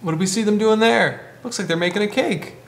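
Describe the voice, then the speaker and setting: A man hosting a library storytime, reading a picture book to children and asking them gentle questions. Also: high voice, brisk, vocal fry. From Canada.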